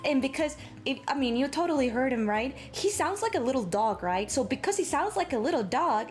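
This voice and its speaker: A woman's voice: high voice, big pitch swings, a little fast, hardly any pauses. A woman from Latin America streaming from her apartment with a sore throat, chatting casually and animatedly with her chat and swearing freely. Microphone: travel microphone.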